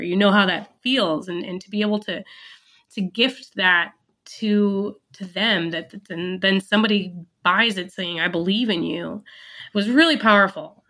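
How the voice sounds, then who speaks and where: Bright-voiced woman telling a founder story. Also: medium pitch. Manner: earnest, reflective, with fillers and restarts. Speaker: business founder guest. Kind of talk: storytelling interview answer.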